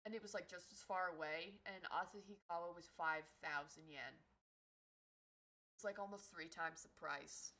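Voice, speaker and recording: A woman streamer telling a story in casual livestream chat, animated and swearing freely. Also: fairly low pitch, normal speed, low-quality recording.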